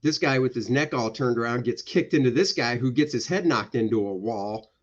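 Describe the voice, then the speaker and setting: A man's voice: medium pitch, moderate pace, highs cut off. A male comic book artist giving casual, jokey commentary on his pages during a livestream. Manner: playful, jokey, slips into goofy voices.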